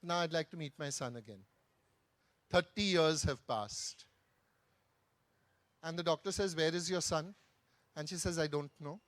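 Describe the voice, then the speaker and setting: A man telling an anecdote on a festival stage, with lively asides in Hindi. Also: on the high side, dry recording. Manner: animated anecdotal storytelling, mixing in Hindi phrases. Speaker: author on a festival panel. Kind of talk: storytelling talk on stage.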